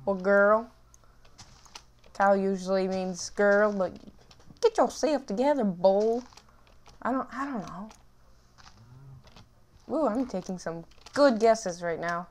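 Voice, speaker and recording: A woman hosting a gaming channel, rambling and self-mocking through casual gameplay commentary. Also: medium pitch.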